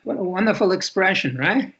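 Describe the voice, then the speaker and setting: Very animated and a little fast, this New York City author in his eighties speaks reflectively as an interview guest, often repeating words for emphasis. His high voice is a bit bright, with vocal fry and a breathy edge, captured on muffled, lo-fi audio.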